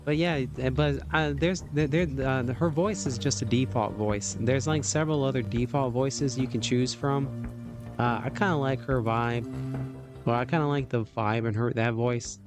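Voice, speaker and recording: A man's voice: medium pitch, normal speed, over music. A man hosting a livestream, chatting casually, rambling with lots of fillers and laughs. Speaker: livestream host.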